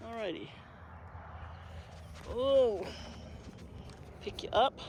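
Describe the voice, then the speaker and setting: A woman's voice: a little high, drawn-out words. Woman talking to camera while she gardens; easygoing, muses aloud, light street noise in the background. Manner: chatty, thinking aloud, soft-spoken asides. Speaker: gardening vlogger. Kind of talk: casual narration while working. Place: outdoor garden. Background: passing traffic.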